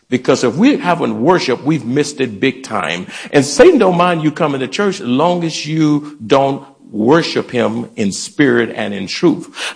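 A man's voice: fairly high pitch, vocal fry, husky. A man preaching a sermon in a church, rousing the congregation with call-and-response. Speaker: pastor. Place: church sanctuary.

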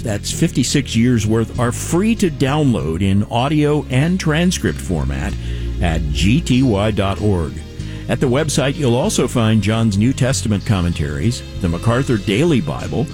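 Lively-voiced male radio host. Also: medium pitch. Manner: smooth, promotional announcer delivery. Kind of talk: radio announcing and interviewing.

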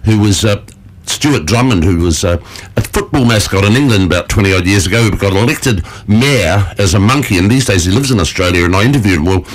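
Low-voiced rambling radio man. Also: animated, fairly quick, slight background noise. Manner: rambling, chuckling, many fillers. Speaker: radio presenter. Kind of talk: casual radio chat. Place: radio studio.

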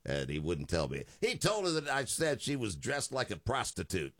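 A man's voice: on the low side, wildly swooping pitch, moderate pace, fairly bright tone, no room sound. A man in his fifties, a radio talk show host, telling a joking story in a studio.

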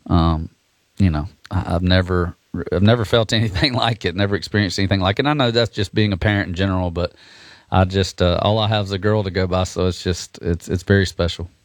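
A man talking casually as a guest musician on a radio show, relaxed and rambling with restarts. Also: sits low, brisk, no echo.

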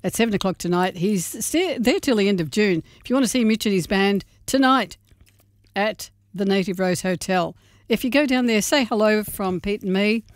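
A woman co-hosting a radio show, chatting casually and reading a gig guide in a warm, slightly rambling way. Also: mid-range voice, normal speed, no room sound, studio quality. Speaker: radio co-host. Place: radio studio.

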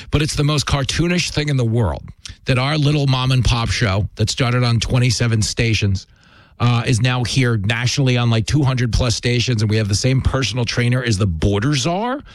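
A male talk radio host chatting in a quick, jokey, self-mocking way. His voice is mid-pitched and dry, with no room sound, close on a studio mic. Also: no room sound. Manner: quick, joking, self-deprecating. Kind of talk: casual talk radio chat.

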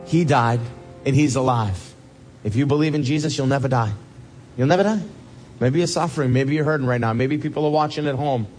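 A man's voice: mid-range voice, a little fast, a little mellow, faint music behind. A man pastor preaching an impassioned sermon, emphatic and repeating his key phrases.

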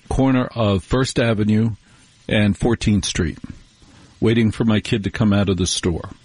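A man hosting a late-night radio talk show, chatting with wry, animated asides and telling stories. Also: on the low side, slightly rough, no echo.

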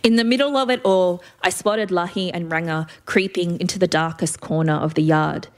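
A woman's voice: fairly low pitch, normal speed. Woman reading a story. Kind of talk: reading a first-person story aloud.

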